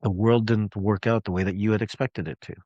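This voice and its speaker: Low-voiced man coaching a live call. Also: steady tone, a little fast, mellow, no room sound, lo-fi sound. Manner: storytelling, emphatic, conversational. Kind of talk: live call talk to clients.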